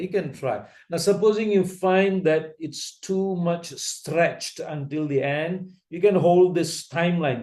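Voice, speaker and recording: A man's voice: on the high side, a little mellow. A man with an Asian English accent teaching a video-editing class step by step, patiently repeating his steps and often checking whether his learners can follow. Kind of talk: slow step-by-step software tutorial.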